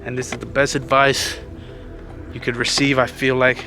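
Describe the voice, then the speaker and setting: Man, earnest vlog advice, gravelly voice, mid pitch, a bit out of breath, music underneath. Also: flat delivery, normal speed. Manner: earnest, conversational, says "man" often. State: slightly out of breath. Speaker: vlogger. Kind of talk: casual motivational talk.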